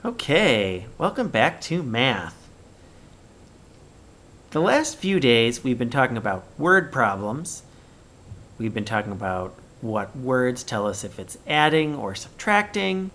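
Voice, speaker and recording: A male teacher speaks to young children in a recorded remote lesson. His delivery is slow and deliberate, and his voice swings widely in pitch as he acts out example sentences with exaggerated expression. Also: sing-song, fairly bright tone.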